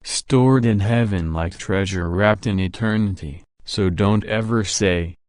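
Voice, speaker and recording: This is God , voiced by a man addressing his child in a devotional narration. The delivery is slow, measured and reassuring, pitched fairly low. The sound is close and dry, with no room around it. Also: darkish tone, no echo, lightly acted. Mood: solemn reassuring. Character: God speaking to his child, calm and solemn.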